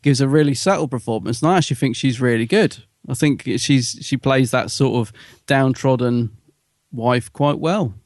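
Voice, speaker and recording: A man's voice: medium pitch, moderate pace, a little mellow, no room sound, clean studio sound. A man co-hosting a podcast, giving his opinions in chatty casual conversation. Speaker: podcast co-host. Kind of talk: casual review chat.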